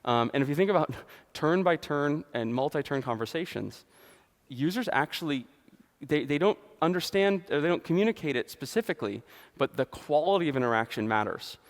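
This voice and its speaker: A man's voice: on the high side, animated, fairly quick. A man giving a conference presentation on stage, speaking fluently with frequent fillers and restarts. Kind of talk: conference keynote talk. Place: large conference hall. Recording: long hall reverb.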